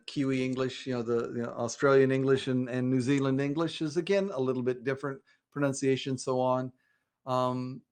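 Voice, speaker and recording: A man's voice: medium pitch, smooth. An American man talking casually to camera in a vlog, rambling with many fillers and restarts. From United States. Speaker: vlogger. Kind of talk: casual spoken monologue.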